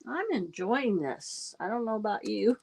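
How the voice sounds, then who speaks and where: A woman's voice: medium pitch, expressive, a little slow, vocal fry, darkish tone, slightly rough. A woman hosting a casual trivia livestream, chatting and reading quiz questions aloud. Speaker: livestream host.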